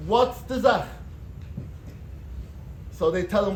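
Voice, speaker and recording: High-voiced man telling a Hasidic story. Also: a little hiss or hum. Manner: animated, bursts of shouting and quick asides. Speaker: rabbi giving a talk. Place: gathering in a large room. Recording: echoey room, mic at a distance.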